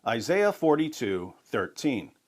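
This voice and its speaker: A man narrating a scripted video, making his argument in a measured, methodical way. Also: medium pitch, big pitch swings.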